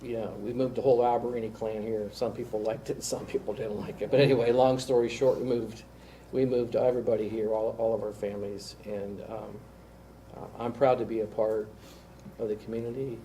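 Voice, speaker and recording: A man's voice: on the low side, level tone, a little fast, warm tone, rough recording. A man on a city council giving earnest, rambling praise at a public meeting, growing emotional. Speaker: council member. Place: council chamber. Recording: faint room noise, council meeting.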